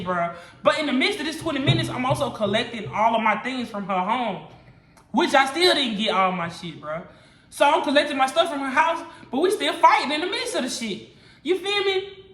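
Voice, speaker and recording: A woman's voice: high-pitched, fairly bright tone, roomy sound. A woman vlogger telling a personal story to camera in an emphatic, profane, slangy way. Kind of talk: storytime monologue.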